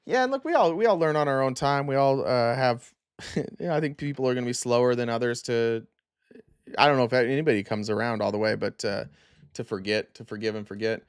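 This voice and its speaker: A man's voice: medium pitch, a little fast, smooth, no echo, studio quality. Tired man hosting a casual live stream. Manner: loose and rambling, many fillers. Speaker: live-stream host reading comments.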